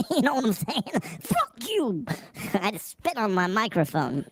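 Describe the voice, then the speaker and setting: A woman's voice: mid-range voice, wildly swooping pitch, measured pace, slightly rough, no room sound. A woman live-streaming outdoors on a city street, reading chat aloud in a brash, profane way and laughing often.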